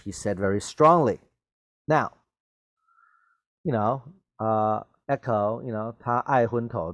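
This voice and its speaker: A man's voice: mid-range voice, darkish tone, no echo. Man teaching English, checking in constantly. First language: Mandarin Chinese. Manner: explains words patiently, mixes in Mandarin, asks "okay?" and "right?" often. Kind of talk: vocabulary lesson reading a story aloud.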